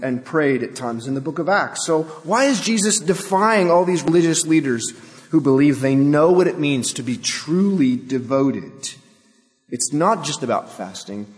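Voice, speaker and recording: Male pastor, higher-pitched, emphatic sermon delivery, long reverb. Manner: rhetorical questions, emphatic.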